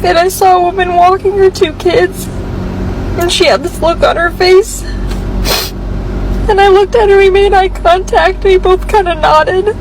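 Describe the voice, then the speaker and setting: A woman's voice: very high-pitched, steady tone, measured pace, noisy background. A woman telling a personal story in a social media clip, emotional and close to tears.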